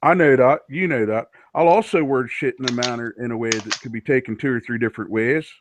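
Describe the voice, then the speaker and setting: A man's voice: medium pitch, fairly quick, noisy background. A man on a podcast panel, chatting casually and boastfully with heavy swearing. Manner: brash, boastful, swears heavily. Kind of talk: casual profane chat.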